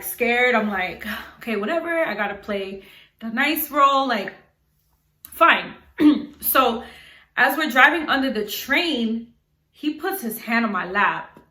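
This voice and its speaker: Bright echoey New York woman. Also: on the high side. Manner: animated, acts out her own quotes, frequent "like". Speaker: storyteller vlogger. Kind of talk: casual storytime vlog.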